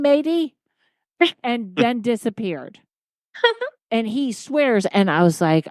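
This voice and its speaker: A woman hosting a podcast, talking in a loose, chatty way. She laughs easily and slips into quoted voices as she tells a story. Her voice sits at an ordinary pitch and is recorded close and dry. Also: a little mellow, smooth, no echo. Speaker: podcast host. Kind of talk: casual chat.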